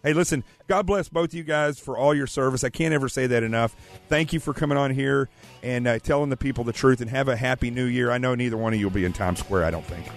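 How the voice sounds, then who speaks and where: Chatty Southern radio host with a cold. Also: male voice, mid-range voice, fast talker, creaky, soft background music. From American South. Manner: joking, chatty, plugs his book. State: has a cold. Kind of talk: casual talk radio banter. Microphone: studio microphone.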